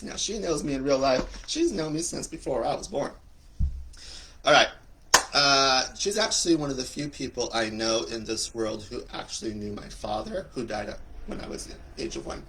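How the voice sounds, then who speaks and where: A man's voice: medium pitch, expressive, normal speed, sharp tone, a little hiss or hum. A middle-aged man hosting a casual livestream, joking and campy, greeting viewers by name with big upward swoops in his voice. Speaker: livestream host and coach.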